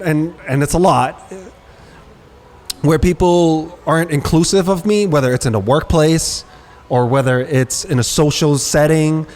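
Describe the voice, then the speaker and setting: A man co-hosting a casual podcast, telling stories and acting out quotes in street slang. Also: a little high. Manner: animated storyteller, acts out quotes with street slang. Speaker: podcast co-host.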